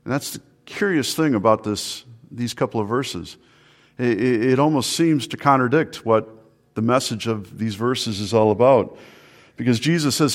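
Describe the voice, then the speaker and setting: A man's voice: mid-range voice, normal speed. A male pastor preaching an earnest sermon, often repeating words and asking the listeners questions. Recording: long hall reverb.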